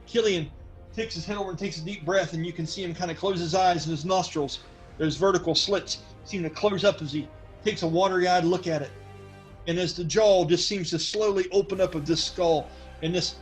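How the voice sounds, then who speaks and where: رجل بصوت مرتفع يدير لعبة أدوار. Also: male voice, high-pitched, poor audio. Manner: loose and joking, with frequent fillers. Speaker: game master. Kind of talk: narrating a tabletop game.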